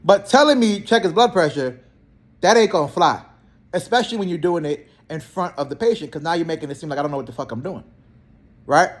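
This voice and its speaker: A young man, a healthcare therapist, telling work stories in a blunt, slangy, animated way and acting out both sides of the talk. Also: on the high side, fairly quick. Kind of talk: casual storytelling vlog.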